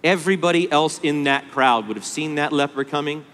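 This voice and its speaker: A man preaching a sermon at a conference, impassioned, moving between hushed low passages and rising pleas. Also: a little fast. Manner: impassioned, swings from hushed to pleading. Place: large conference hall. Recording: long hall reverb.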